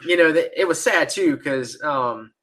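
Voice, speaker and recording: A man co-hosting a podcast in casual chat, laid-back and quick to laugh. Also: a little high, animated, fairly bright tone. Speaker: podcast co-host.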